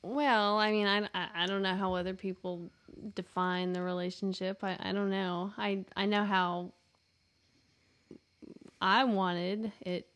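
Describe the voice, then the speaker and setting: A woman's voice: mid-range voice, little pitch movement, unhurried, a bit bright. A woman co-hosting a podcast in casual chat, hesitant and often repeating words. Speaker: podcast co-host.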